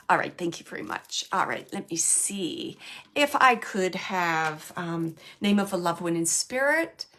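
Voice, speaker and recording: A woman's voice: medium pitch, a bit bright. A woman hosting a show and giving a live mediumship reading, searching for words with many restarts.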